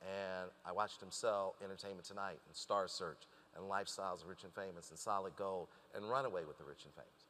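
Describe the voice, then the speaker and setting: A man's voice: sits low, fairly quick, hardly any pauses, big-room sound. A man telling a story as a guest in a conversational interview, acting out the lines of the people he quotes. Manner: animated storyteller who acts out quoted dialogue.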